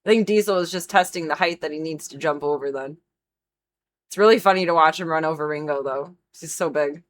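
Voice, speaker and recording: A woman's voice: deep voice, fairly quick. A young woman streamer chatting casually while drawing, rambling and giggling with lots of fillers.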